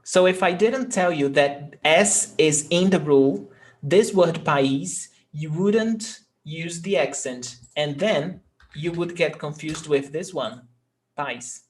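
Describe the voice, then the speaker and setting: Slow, patient teacher, fairly high voice. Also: male voice. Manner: patient, repeats example words slowly. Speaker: language teacher. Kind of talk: live online class.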